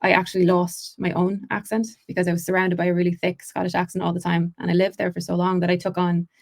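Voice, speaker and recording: A woman with an Irish accent, an actress and accent coach, telling stories in a chatty podcast interview, quick and full of restarts. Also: lowish voice, level tone, creaky. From Ireland.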